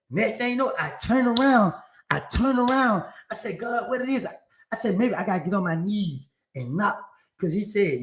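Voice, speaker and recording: A man's voice: sits high, roomy sound. A man telling a long story about praying in jail, acting out his talks with God in a preachy, emphatic way. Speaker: commentator in a played clip. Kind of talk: storytelling monologue.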